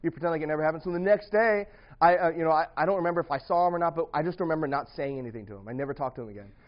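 A young man with a slightly high voice tells a rambling story to a few friends, laughing often and restarting his sentences. The recording is muffled and lo-fi, with the top end dulled. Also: rapid-fire. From grew up partly in the US Midwest. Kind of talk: casual storytelling to a small group.

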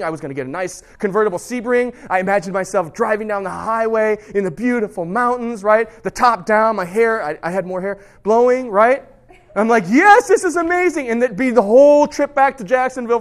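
High-voiced animated man preaching. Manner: animated, lively storytelling with sudden drops to soft tones. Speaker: pastor. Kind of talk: sermon.

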